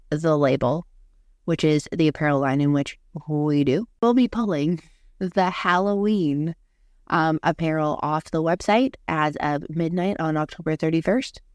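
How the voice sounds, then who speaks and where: A young woman co-hosting a podcast in casual chat, talking in a flat monotone, hoarse after losing her voice. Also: low voice, normal speed, no echo, studio quality. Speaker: podcast co-host.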